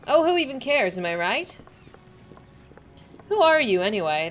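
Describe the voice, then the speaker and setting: A woman's voice: on the low side, expressive, moderate pace, long pauses, soft background music. A woman streamer chatting casually as she plays, making joking asides to the game. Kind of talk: casual gameplay chat.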